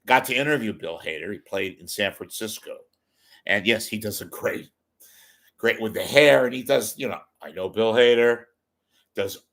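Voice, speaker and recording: A man's voice: deep voice, a bit bright. A man hosting a casual monologue show, rambling and self-deprecating. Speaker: host.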